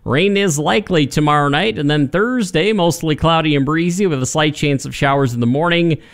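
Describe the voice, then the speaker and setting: A man reading a local radio weather report in a brisk, steady broadcast delivery on a studio microphone. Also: a little high.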